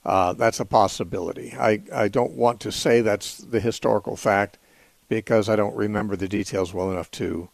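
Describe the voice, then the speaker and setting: A man hosting a call-in radio show, answering callers in a measured, thoughtful way with frequent fillers. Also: fairly low pitch, steady tone, creaky, no room sound. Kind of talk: call-in radio Bible teaching.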